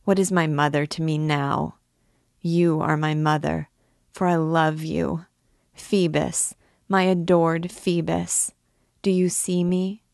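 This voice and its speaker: Woman voicing an ardent young dancing girl, low and gravelly, slow pleading delivery. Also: flat delivery, darkish tone, dry recording, clean studio sound, heavily acted. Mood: lovestruck. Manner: pleading, lovestruck.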